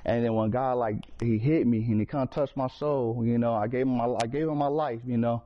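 An earnest man shares his personal testimony in loose, slangy storytelling, often restarting his sentences. His voice sits at an ordinary middle pitch, and the recording is slightly dull and lo-fi. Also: steady tone, brisk. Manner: earnest, street slang, frequent restarts and fillers. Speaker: person sharing a faith testimony.

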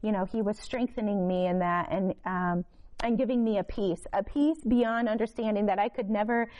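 A woman from Florida giving a spoken faith testimony to a congregation, emotional and halting, with many fillers and restarts. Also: medium pitch, darkish tone, low-quality recording. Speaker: testimony speaker.

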